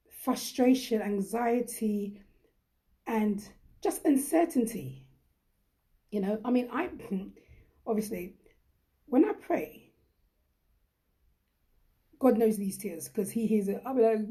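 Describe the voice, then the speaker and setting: A woman's voice: a little high, measured pace, long pauses, warm tone. A young woman hosts a live chat with viewers, talking in a chatty, emphatic and encouraging way. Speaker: host.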